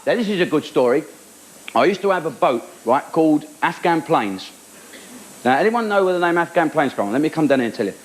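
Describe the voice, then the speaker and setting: A man's voice: on the high side, low-quality recording. A man telling chatty, cheeky stories as a stand-up comedian and acting out the voices, recorded live in a theatre. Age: 40s. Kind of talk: stand-up storytelling.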